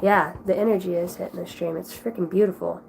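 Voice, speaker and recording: A woman's voice: fairly low pitch, fairly even intonation, fast talker, gravelly, a little hiss or hum, low-quality recording. Affectionate spiritual woman reading cards live. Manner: warm, affectionate, rambling, spiritual. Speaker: tarot card reader. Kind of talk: live-stream card reading and chat.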